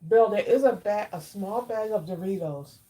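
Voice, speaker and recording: A woman's voice: mid-range voice, dark tone. Chatty woman hosting a live. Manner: chatty, greets viewers by name, drawn-out exclamations. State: eating while talking. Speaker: craft livestream host. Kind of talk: casual live chat with viewers.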